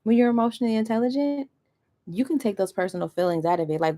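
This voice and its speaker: A woman's voice: on the high side, fast, warm tone. A woman coach giving a motivational masterclass, talking animatedly, acting out quoted voices and checking in with her listeners. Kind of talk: motivational talk.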